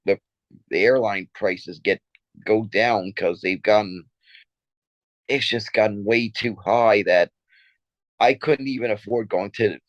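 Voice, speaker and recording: A man co-hosting a podcast, telling stories in a halting, rambling way with many repeated words and frequent laughs. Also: fairly low pitch, no echo, highs cut off. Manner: laughs often while talking. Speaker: podcast co-host. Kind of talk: casual chat.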